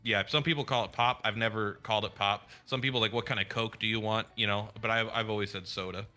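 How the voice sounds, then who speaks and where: A man's voice: fairly low pitch, fast, faint music behind. A man from the Pacific Northwest co-hosting a casual podcast, joking around and often repeating his first words. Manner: animated, stammers and repeats words, jokey. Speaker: podcast co-host.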